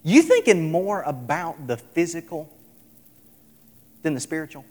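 A man preaching a sermon, emphatic, repeating his lines and swinging between loud and soft. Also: on the high side, big pitch swings, unhurried. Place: large hall, tonight service. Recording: echoey hall with long reverb.

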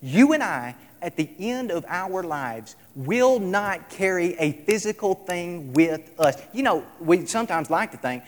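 A man preaching a sermon, emphatic, repeating his lines and swinging between loud and soft. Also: high voice, expressive, unhurried, few pauses. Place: large hall, tonight service. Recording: echoey hall with long reverb.

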